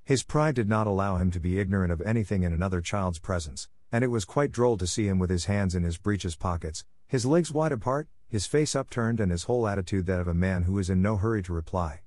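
A man reading a classic children's story aloud as narrator, in a measured, even storytelling manner. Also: sits low, no room sound. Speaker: audiobook narrator. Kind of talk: storybook reading for English listening practice.

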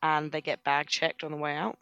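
Gravelly, bright man. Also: on the high side, completely flat delivery, a little fast, no room sound, dull audio. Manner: crude, reactive, says "like" a lot. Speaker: podcast co-host. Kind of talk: casual chat.

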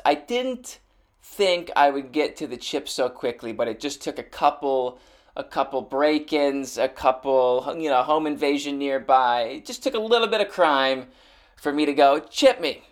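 A young man hosting his own show, rambling sarcastically with lots of restarts and swearing. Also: a little high. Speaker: podcast host. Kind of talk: rambling comedic rant. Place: Los Angeles.

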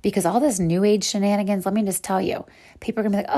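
A woman's voice: medium pitch, fairly even intonation, quick pace, dark tone. A woman hosting a podcast and teaching a Bible devotional, speaking in an earnest, encouraging way to her listeners as sisters.

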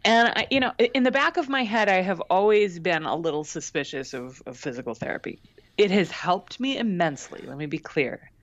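This podcast co-host talks a little fast in a lowish, expressive voice as she tells a chatty, candid story that pokes fun at herself. It's casual chat, captured in a dry, slightly dull recording.

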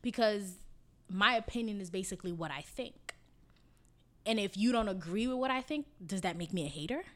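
A woman's voice: medium pitch, expressive, normal speed. A young woman from a Haitian family in casual podcast chat, telling stories bluntly and profanely, acting out what people said. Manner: blunt, profane storytelling with acted-out quotes.

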